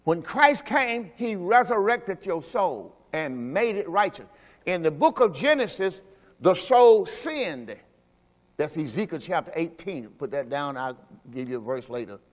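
A man preaching a sermon as pastor. He talks emphatically, asks the congregation questions, and drops into low quiet asides. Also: sing-song, measured pace. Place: church sanctuary. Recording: long hall reverb from a church service.

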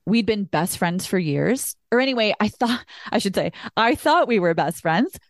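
In a casual podcast chat, a young adult woman candidly recounts a personal story, adding emphatic asides, occasional swearing, and acted-out dialogue. Her medium-pitched voice is animated at a moderate pace, in a dry, studio-quality recording.

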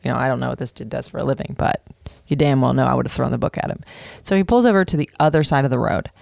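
A woman in her thirties telling a personal story to camera in an animated, casual way, full of "like" and swearing freely. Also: very deep voice, rapid-fire, gravelly, no echo, studio quality. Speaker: vlogger. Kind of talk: storytime monologue.

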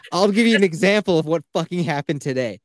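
Animated, swearing man telling stories. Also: on the high side, normal speed, no echo. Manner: animated storytelling, swears freely, laughs often. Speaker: podcast co-host, stay-at-home father. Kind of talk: casual podcast chat.

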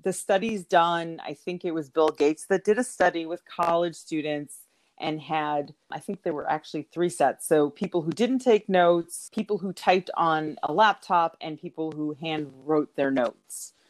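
A woman talking in a relaxed chat who tells stories with frequent laughter. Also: low-pitched, unhurried. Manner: animated storyteller, laughs often. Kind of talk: casual conversational chat.

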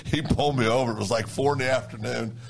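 A man's voice: medium pitch, fast, creaky. A man chatting casually as a co-host, telling self-mocking stories about his driving. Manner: self-deprecating storyteller, animated when quoting. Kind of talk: casual chat.

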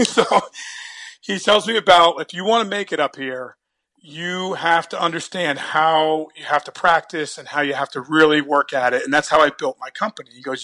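A man's voice: a little high, normal speed, bright, forceful tone. A man from New Jersey telling a story in a casual, chatty way, often repeating his first words and laughing as he goes.

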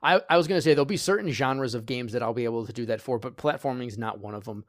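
A man's voice: medium pitch, rapid-fire. A man co-hosting a casual retro gaming podcast who laughs often and repeats words as he talks. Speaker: podcast co-host. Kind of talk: casual chat about retro games.

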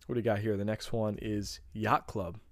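A man's voice: fairly low pitch, level tone, moderate pace, a bit bright, dry recording, clean studio sound. A man co-hosting a podcast, chatting casually about food and often searching for words with fillers and restarts. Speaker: podcast co-host.

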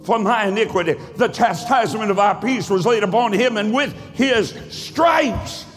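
High-voiced preacher shouting in a reverberant hall. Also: male voice, moderate pace, faint music behind. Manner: rhythmic preaching, swells to shouts. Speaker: pastor. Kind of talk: sermon. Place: church sanctuary.

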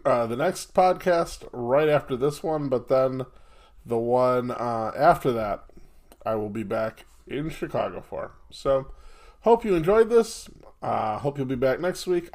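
A man closing out a podcast episode in a loose, casual way. He pauses often with fillers, and his pitch sits in the middle range. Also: darkish tone. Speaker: podcast host. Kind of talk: casual sign-off.

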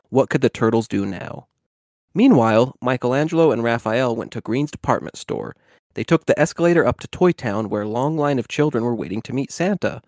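A man co-hosting a podcast, reading a children's book aloud in a steady way, with the odd stumble. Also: medium pitch, no room sound, studio quality. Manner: steady reading with small slips and restarts. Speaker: podcast co-host.

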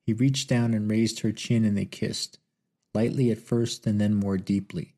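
A man's voice: lowish voice, little pitch movement, measured pace, mellow. A man reading a novel aloud as audiobook narration, in a dry, wry storytelling manner. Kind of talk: scripted narration.

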